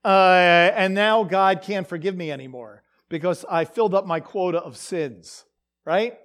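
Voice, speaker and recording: A Bible teacher giving a verse-by-verse lesson, reading scripture aloud and then explaining it emphatically, often checking in with "okay?". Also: medium pitch.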